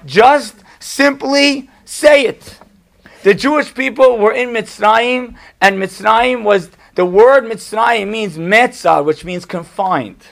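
A rabbi with a high-pitched voice and a gravelly edge teaches a live class. He hammers his points home with short, punchy repetition and slips in wry asides. He is a middle-aged man. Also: takes it slowly, fairly bright tone. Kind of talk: Torah class to a live audience.

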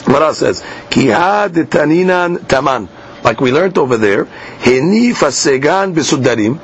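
A man teaching a Talmud class. He reads each line slowly and then explains it in plain English. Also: on the high side, expressive. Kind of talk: Talmud class, reading and translating. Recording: dull lo-fi class recording with faint hiss.

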